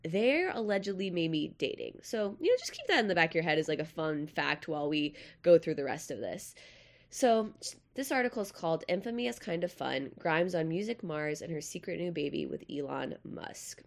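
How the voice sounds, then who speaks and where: A woman's voice: low voice, big pitch swings, normal speed, gravelly. A young woman hosting a podcast in casual, chatty, self-deprecating talk, with a nasal voice. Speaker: podcast host.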